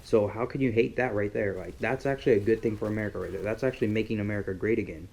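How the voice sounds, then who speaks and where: Rambling young man, low voice. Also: steady tone, very fast, gravelly, darkish tone, slightly rough. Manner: casual, rambling, filler-heavy. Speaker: vlogger. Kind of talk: rambling political opinion vlog.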